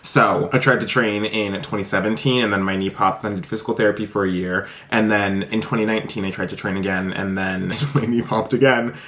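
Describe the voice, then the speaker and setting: A man's voice: brisk, few pauses. A man in his twenties talking casually to the camera in a vlog, saying "like" a lot and laughing between sentences. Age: 20s. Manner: chatty, says "like" a lot, laughs mid-sentence; swings up high and animated for quoted bits. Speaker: vlogger.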